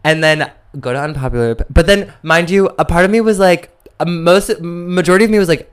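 A young man co-hosting a podcast, telling a story in a sassy, animated way and acting out quotes. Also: fairly high pitch, brisk, hardly any pauses, clear, resonant tone. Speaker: podcast co-host. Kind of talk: casual chat, storytelling.

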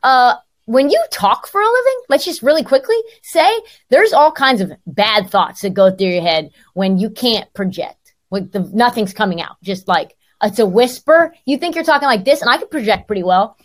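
Woman, hoarse voice, sports podcast host, casual chatty talk, somewhat high-pitched. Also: lively intonation, moderate pace. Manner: chatty, self-deprecating storyteller. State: hoarse, recovering from laryngitis.

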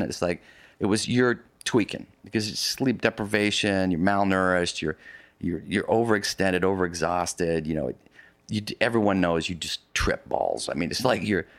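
A low-pitched man, recorded without echo, is an interview guest telling a long story of a polar expedition. The conversation is casual; he rambles, restarts sentences frequently and adds vivid asides.

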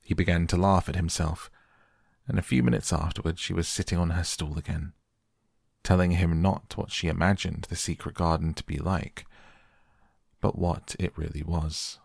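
Deep, gravelly bedtime narrator. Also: male voice, steady tone, darkish tone, no echo, studio quality. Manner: slow, soothing. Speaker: audiobook narrator. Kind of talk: soft bedtime audiobook reading.

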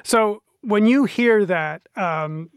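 A man's voice: high voice, slow, clean tone, dry recording, studio quality. A man hosting a radio interview, asking questions in a hesitant way with many fillers. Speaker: radio host.

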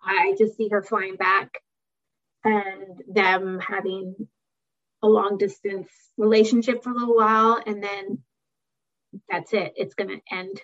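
A woman's voice: medium pitch, level tone, measured pace, fairly bright tone. Easygoing woman on a dull lo-fi mic. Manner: easygoing, hesitant, laughs often. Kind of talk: casual chat reviewing a reality show.

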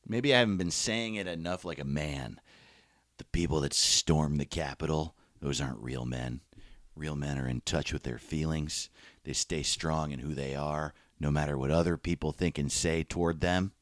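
A man putting on a mock-macho tough-guy voice, speaking in an exaggerated low growl. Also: moderate pace, dry recording, studio quality. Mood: mock-serious.

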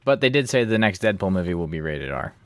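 Man, low voice, very lively intonation, wry teasing, dry sound. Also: fast talker, no echo. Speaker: podcast co-host. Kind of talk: casual chat.

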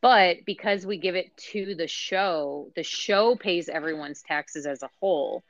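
A woman's voice: fairly low pitch, measured pace, no echo, lo-fi sound. A woman on a podcast panel, chatting casually and explaining things as she thinks aloud.

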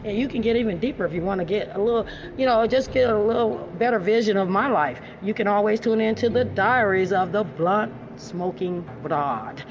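A woman hosting a casual podcast chat, loud and teasing with profane banter. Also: mid-range voice, a little fast, hardly any pauses, dull audio, noisy background. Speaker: podcast host.

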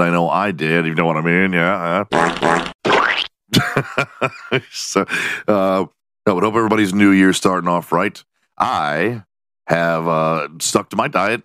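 Deep-voiced, profane joking podcast host. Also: male voice, fairly bright tone, dry recording, clean studio sound. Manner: profane, joking, laughs at his own jokes. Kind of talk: casual solo podcast monologue.

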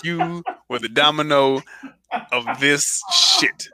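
Very bright-voiced, boisterous podcast host. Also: male voice, a little high, slow, clear, resonant tone. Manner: boisterous, profane storyteller. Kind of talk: casual podcast banter.

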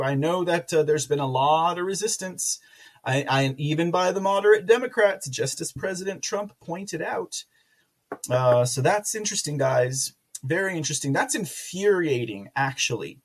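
A man hosting a casual political commentary livestream, rambling with many fillers and restarts, with sarcastic asides and loud laughs. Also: a little high. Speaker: podcast host.

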